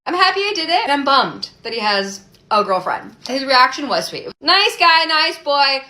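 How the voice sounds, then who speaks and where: A woman in her twenties telling a casual storytime, chatty and animated, full of "like". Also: high-pitched, normal speed. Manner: chatty and animated, heavy use of "like". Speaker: storyteller in a clip.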